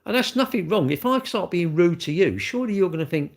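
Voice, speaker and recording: A man's voice: high voice, expressive, fast, vocal fry. A man, chatting casually to viewers as a livestream host, rambling and repeating himself in a blunt, chatty way. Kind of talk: casual chat to live viewers.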